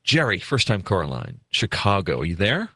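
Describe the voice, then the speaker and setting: A man hosting a call-in radio show from a makeshift studio, talking in a relaxed, conversational way. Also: low voice, moderate pace, husky. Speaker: radio talk show host.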